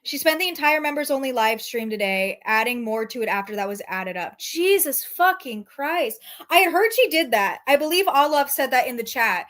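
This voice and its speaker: A woman's voice: high voice, animated, moderate pace, few pauses, a bit bright. A woman streamer reacting to her chat in casual commentary, sarcastic and profane.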